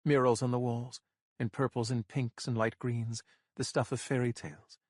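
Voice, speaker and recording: A man giving scripted audiobook narration in a measured, tense storytelling manner. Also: mid-range voice, level tone, no echo, clean studio sound.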